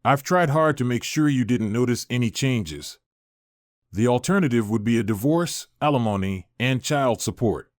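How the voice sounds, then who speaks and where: A man voicing a calm, self-justifying unfaithful wife in a told story, with a measured, even delivery. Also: medium pitch, no room sound, clean studio sound, natural voice. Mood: calm pleading. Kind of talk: storytelling narration.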